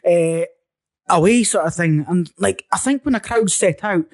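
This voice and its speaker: A young man with a Highland Scottish accent, a comedian guest telling stage stories in casual podcast chat, energetic and animated with swearing and laughs. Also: moderate pace.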